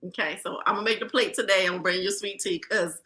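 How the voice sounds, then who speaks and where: A woman with a Southern accent from rural Virginia, hosting a podcast in a lively, folksy, chatty way. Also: mid-range voice, fast talker. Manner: lively, folksy, talks straight to listeners. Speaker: podcast host. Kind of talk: casual podcast chat.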